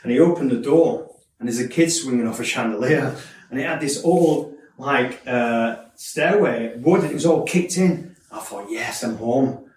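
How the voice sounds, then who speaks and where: A man's voice: mid-range voice, normal speed, a little mellow, a little hiss or hum. A man telling his life story in a candid, earnest way, often repeating words as he restarts. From Yorkshire, England. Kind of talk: personal testimony talk. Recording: echoey room from a distance.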